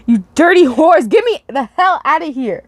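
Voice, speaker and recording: A woman's voice: mid-range voice, expressive, measured pace, dry recording, lightly acted. Brief: vicious burnt slasher who hisses every threat, read by a woman. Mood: furious. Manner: hissing, snarling curses. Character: furious burnt slasher man, hissing and vicious.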